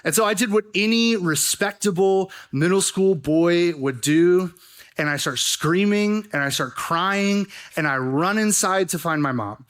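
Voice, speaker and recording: A young man preaching a youth sermon, telling stories in a joking, animated way with lots of fillers. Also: sits high, unhurried. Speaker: youth pastor. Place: church youth service.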